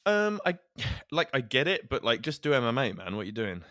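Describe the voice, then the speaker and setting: Bright-voiced joking man. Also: mid-range voice, sing-song, brisk, no echo, studio quality. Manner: joking, does mock voices, swears. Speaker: podcast co-host. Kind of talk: casual chat.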